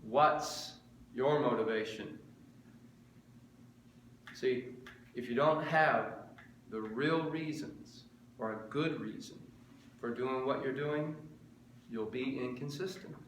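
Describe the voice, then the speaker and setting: A man's voice: medium pitch, slow, long pauses, a bit bright, reverberant, a little hiss or hum. A middle-aged man preaching a sermon, earnest and repetitive, firing off rhetorical questions.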